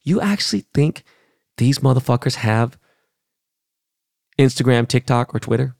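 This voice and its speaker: A middle-aged man from Los Angeles hosts his podcast in a blunt, heated, profane rant. His voice carries a gravelly fry at mid pitch. The sound is close and dry, with no room around it. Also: expressive, a little slow, darkish tone, no echo. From Los Angeles, California. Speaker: podcast host. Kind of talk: casual rant.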